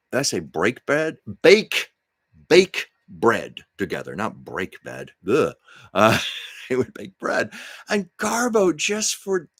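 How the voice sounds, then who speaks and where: Hosting a livestream from home, a man tells rambling, chatty stories and often corrects himself. His medium-pitched voice is a bit bright, captured in clean studio sound with no room sound.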